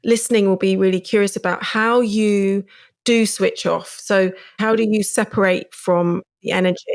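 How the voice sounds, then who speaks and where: A woman's voice: mid-range voice, fairly even intonation, moderate pace, vocal fry. A woman hosting a podcast and asking her guest curious, encouraging questions. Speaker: podcast host.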